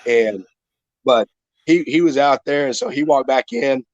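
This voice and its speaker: A middle-aged man with a drawl spins a rambling, profane story about a fight, full of restarts. His voice sits at an ordinary pitch. The recording is dry and slightly muffled, like a home podcast mic. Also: measured pace, no echo. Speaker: retired MMA fighter guest. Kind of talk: casual storytelling.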